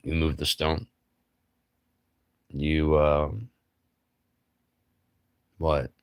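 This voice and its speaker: A man with an extremely deep voice muses slowly through a rambling livestream monologue. He is blunt and profane, firing off rhetorical questions and mocking asides, and the sound is dry and close. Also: fairly even intonation, no room sound. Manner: blunt, profane, musing philosophically. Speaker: livestream host.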